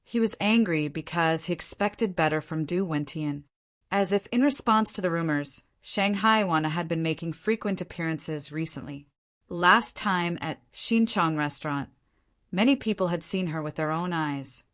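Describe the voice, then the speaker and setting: A woman narrating a translated novel audiobook in a steady storytelling manner. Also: lowish voice, normal speed. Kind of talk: scripted narration.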